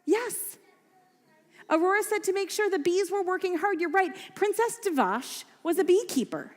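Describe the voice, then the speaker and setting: Playful high-voiced woman telling a children's story. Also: lively intonation, moderate pace. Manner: playful, asks the children questions. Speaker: children's storyteller at a family service. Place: synagogue sanctuary. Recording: echoey hall with faint music.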